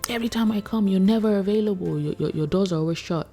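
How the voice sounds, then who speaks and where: A woman's voice: quick pace, dark tone, husky, faint music behind. A woman putting on the voice of an indignant female customer who complains that the doors are always shut. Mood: exasperated. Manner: shrill, exasperated complaining.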